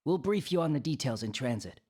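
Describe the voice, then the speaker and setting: A woman voicing a composed female commanding officer who speaks in a cool, businesslike, low tone. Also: expressive, a little fast, dark tone, husky, full character voice. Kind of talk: reading a game story aloud.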